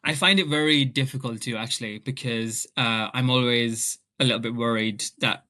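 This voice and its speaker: A man, an author being interviewed, telling personal stories in a lively, animated way. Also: medium pitch, moderate pace. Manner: animated, acts out family members' voices. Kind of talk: casual storytelling in an interview.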